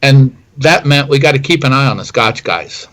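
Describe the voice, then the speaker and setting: A man's voice: mid-range voice, expressive, moderate pace, fairly bright tone, poor audio. Rambling middle-aged man telling a story. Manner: rambling with many fillers and restarts. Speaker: whiskey distiller guest. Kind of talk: storytelling interview answer.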